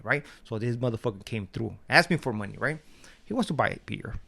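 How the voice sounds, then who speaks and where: A man with a gravelly, fry-edged voice rants to his channel in a loose, profane way. He tells stories in street slang and laughs often. His pitch sits mid-range for a man. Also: animated, brisk, a bit bright. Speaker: vlogger. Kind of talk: casual rant to camera.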